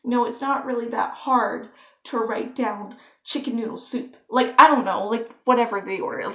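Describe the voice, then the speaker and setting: A woman's voice: on the high side, normal speed, sharp tone. A young woman telling a story on her vlog, rambling and filling her talk with "like.". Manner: rambling, filler-heavy with constant "like". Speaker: vlogger.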